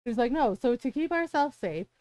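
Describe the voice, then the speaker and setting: A woman livestreamer tells a story in casual, chatty talk, peppering it with "like" and "right?" and swearing freely when she gets exasperated. Her voice is fairly high and animated, fairly quick, with a darkish tone, on a dry recording.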